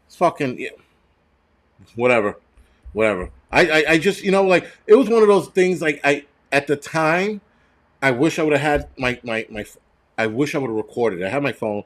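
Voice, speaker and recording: A man's voice: mid-range voice, lively intonation, fairly quick. A man hosting a live stream, telling a long crude story full of swearing and reading viewer comments as he goes. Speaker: host.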